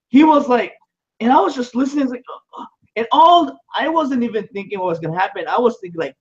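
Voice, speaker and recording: Guy with a high voice telling a story all animated on a livestream, kinda dull lo-fi sound. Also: fast talker, breathy edge. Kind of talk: casual livestream chat.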